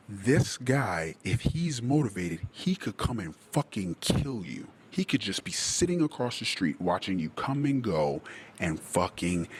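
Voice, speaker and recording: A man's voice: low voice, slightly rough. A young adult man hosting a podcast, telling a personal story bluntly and with plenty of swearing, acting out the dialogue with animation. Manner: blunt, profane, animated when retelling dialogue. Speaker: podcast host. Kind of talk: candid solo podcast storytelling.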